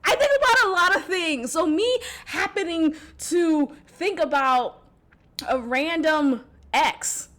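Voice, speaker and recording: A woman with a slightly high voice hosts a casual solo podcast. She speaks frankly and lively, laughs often and uses plenty of slang, then drops quiet and low when she voices a text message. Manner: candid and animated, with slang and frequent laughs. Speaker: podcast host.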